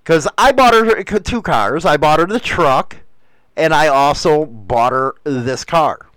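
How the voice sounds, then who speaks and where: Blunt, animated man hosting talk radio. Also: fairly high pitch, takes it slowly, no echo. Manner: blunt, rambling, swears freely. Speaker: radio show host. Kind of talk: casual talk radio monologue.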